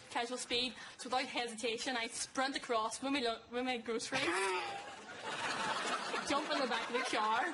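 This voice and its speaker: A young woman with a Northern Irish accent telling a funny personal story, chatty and hesitant with many fillers. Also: on the high side. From Northern Ireland. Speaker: guest storyteller. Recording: loud background noise.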